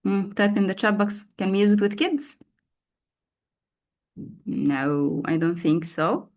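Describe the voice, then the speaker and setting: A woman's voice: medium pitch, steady tone, slow, darkish tone. A woman training teachers in an online class, prompting participants and repeating words for emphasis. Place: online video call.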